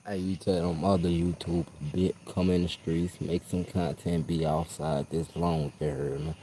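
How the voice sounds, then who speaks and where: A man's voice: sits low, flat delivery, moderate pace, mellow, slight background noise, rough recording. A man, vlogging outdoors on the street at night in an emphatic monologue, tagging nearly every phrase with a question to the viewer. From Louisiana, USA. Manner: emphatic, repeats "you heard me" constantly. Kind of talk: casual street monologue to camera.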